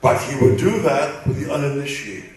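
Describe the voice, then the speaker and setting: A man's voice: mid-range voice, normal speed, distant mic. An older man, a voice actor on a convention panel, telling rambling anecdotes and acting out quoted dialogue for a live audience. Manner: animated, acts out quoted dialogue, rambling restarts. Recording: echoey convention hall, picked up from afar.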